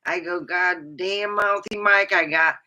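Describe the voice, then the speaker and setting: A middle-aged woman chatting on a casual livestream, rambling and animated, with sudden high whoops. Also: unhurried, muffled recording. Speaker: livestreamer and comedy chat host.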